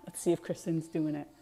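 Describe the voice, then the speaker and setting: A woman's voice: low voice, creaky, mellow. A woman chatting casually on a live art stream, laughing often and talking to her chat by name.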